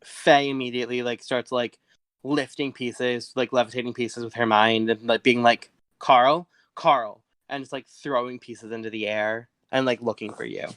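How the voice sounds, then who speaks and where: Man with a smooth, dry voice. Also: medium pitch, little pitch movement, normal speed, a bit bright, dry recording. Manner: loose, filler-heavy storytelling. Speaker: player. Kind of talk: narrating a tabletop game.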